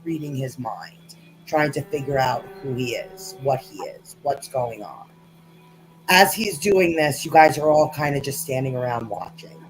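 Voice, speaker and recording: A woman narrating as game master in a tabletop game, casual and halting with many fillers. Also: sits low, rough recording.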